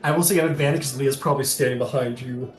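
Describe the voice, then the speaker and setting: A man's voice: medium pitch, fairly even intonation, very fast, roomy sound, soft background music. A man running a tabletop game as game master, narrating in a loose, chatty way with frequent laughter.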